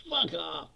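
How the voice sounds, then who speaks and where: A man hosting a casual ranting monologue, profane and laughing often as he talks. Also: pushed and bright. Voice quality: gravelly. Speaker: podcast host. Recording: dull lo-fi sound.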